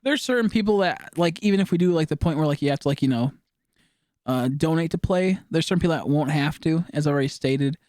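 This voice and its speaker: A young man with a fairly high, slightly mellow voice chats casually and quickly while live-streaming a game. He rambles with mumbled asides and lots of fillers, in dry, studio-quality sound with no room echo.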